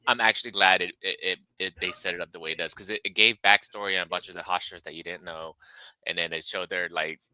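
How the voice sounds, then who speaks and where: A very deep male voice with a bright, cutting edge, recorded dry and close. He is a podcast guest chatting casually in a relaxed, easygoing way. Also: quick pace, smooth, dry recording, low-quality recording. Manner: relaxed, hesitant with fillers and restarts.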